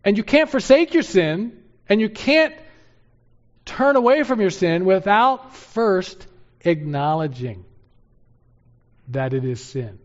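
A man preaching a sermon, moving from loud urgent exhortation to hushed, earnest pleading. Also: high-pitched, big pitch swings, slow, pauses often. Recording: dull sound with long hall reverb.

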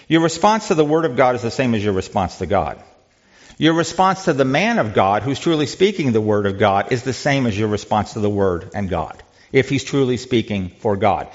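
A man's voice: mid-range voice, lo-fi sound. A man leading a church Bible study in a conversational way, quizzing the group and often repeating words.

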